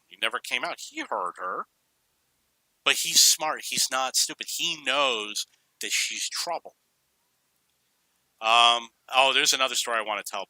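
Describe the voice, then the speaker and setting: A man's voice: mid-range voice, bright, forceful tone, no echo, rough recording. A middle-aged man from New York casually telling rambling personal stories, drifting off on tangents. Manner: rambling, digressive, anecdotal. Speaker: storyteller.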